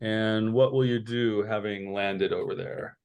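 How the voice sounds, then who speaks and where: A man narrating as game master, pausing often with fillers and restarts. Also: lowish voice, steady tone, a little mellow, smooth. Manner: halting, many fillers and restarts.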